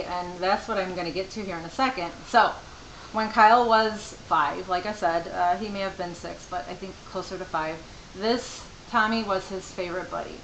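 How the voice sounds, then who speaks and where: A woman's voice: lowish voice, a bit bright. A middle-aged woman, a mother, telling a rambling, chatty story to camera from home with many asides. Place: home room. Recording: echoey room with faint hiss.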